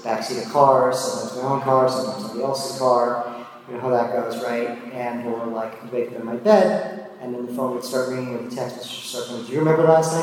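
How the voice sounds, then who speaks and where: A man in his thirties or older tells his own story in a relaxed, self-deprecating way, full of fillers and asides. His voice sits at an ordinary middle pitch. He is picked up from far off in a large, very echoey hall with a faint hum of ambience. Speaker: speaker sharing his drinking story. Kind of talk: personal storytelling talk.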